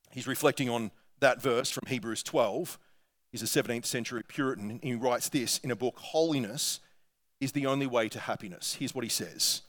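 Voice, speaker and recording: An Australian-accented pastor with a mid-range voice preaches a sermon, speaking earnestly and conversationally while reading quotations aloud.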